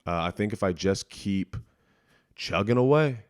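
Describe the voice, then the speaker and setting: Low-voiced man rambling casually, dry sound. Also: animated, a little slow, no echo. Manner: rambling, self-deprecating, swears freely, restarts a lot. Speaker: podcast host. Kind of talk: casual solo podcast monologue. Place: small apartment room.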